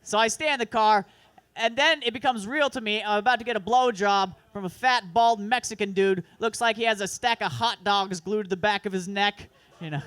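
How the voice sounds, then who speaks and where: A man's voice: sits high, brisk, fairly bright tone, clear, resonant tone, no echo. Guy doing raunchy stand-up at open mic, rambly, self-deprecating, dry close sound. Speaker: stand-up comedian. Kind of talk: stand-up comedy set. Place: comedy club open mic.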